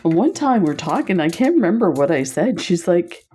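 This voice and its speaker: A woman's voice: fairly low pitch, very animated, moderate pace, mellow, husky, faint music behind. A woman presenting beads on camera in a casual chat, telling stories and laughing often. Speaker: bead shop video presenter.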